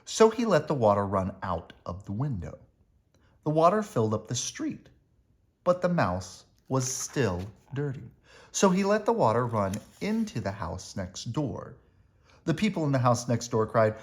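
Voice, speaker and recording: Male storybook reader, unhurried, animated pitch, expressive bedtime read-aloud. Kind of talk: children's read-aloud narration.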